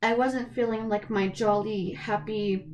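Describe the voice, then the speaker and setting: A woman's voice: mid-range voice, steady tone, a little slow, a little mellow. A young woman in college talks earnestly into her camera, her voice wavering as she fights back tears. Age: young adult. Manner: earnest, emotional and heartfelt, with frequent restarts. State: tearful, voice wavering from crying. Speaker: vlogger. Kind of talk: personal video essay, casual monologue.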